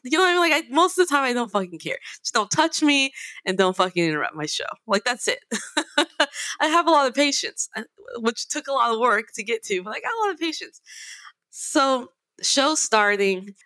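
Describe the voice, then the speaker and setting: Bright-voiced woman telling a profane story. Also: a little high, normal speed, dry recording. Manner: animated, emphatic and profane. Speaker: singer and guitarist. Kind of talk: casual storytelling.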